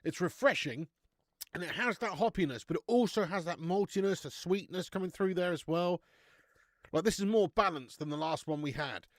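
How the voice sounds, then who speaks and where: A man's voice: on the high side, dry recording, studio quality. A man hosting a live beer-review stream, chatting casually, laughing often and calling his viewers mate.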